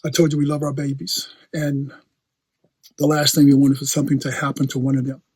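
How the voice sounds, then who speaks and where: Male preacher, breathy tone, dry close sound; loose, storytelling sermon delivery with restarts. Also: mid-range voice, completely flat delivery, fairly quick, a little mellow, dry recording. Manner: chatty, laughs often, repeats and restarts phrases. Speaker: pastor. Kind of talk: conversational sermon.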